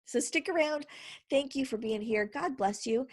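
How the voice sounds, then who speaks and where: A middle-aged woman talks straight to the camera in a chatty, encouraging way, laughing now and then. Her voice sits a little high and has a husky, breathy edge. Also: animated, normal speed. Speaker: vlogger. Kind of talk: casual instructional vlog.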